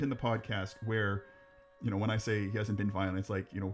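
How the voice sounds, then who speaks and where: A man's voice: lowish voice, fast talker, faint music behind. A man co-hosting a podcast, telling ghost stories in casual, rambling chat, joking, swearing and laughing at his own jokes. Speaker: podcast co-host.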